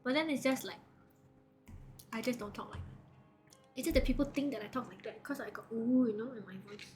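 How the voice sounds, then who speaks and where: A woman's voice: fairly high pitch, brisk, soft background music. A woman chatting casually as a streamer, giggly and chatty with loose grammar. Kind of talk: casual reaction chat.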